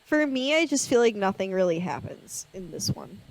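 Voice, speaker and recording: A woman's voice: mid-range voice, big pitch swings, normal speed, rough recording. A woman co-hosting a podcast in casual chat, sassy and self-mocking, often laughing. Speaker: podcast co-host.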